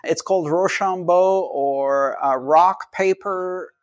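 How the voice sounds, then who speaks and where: A man's voice: sits high, slow pace, lo-fi sound. A man interviewed as a guest, explaining ideas in simple terms and briefly acting out the voices of people he quotes. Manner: animated, acts out quoted people.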